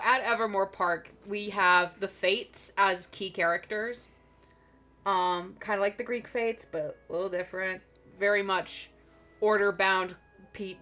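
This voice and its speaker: A woman's voice: mid-range voice, sharp tone. A woman streamer chatting casually over a game, rambling and laughing often. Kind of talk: casual chat.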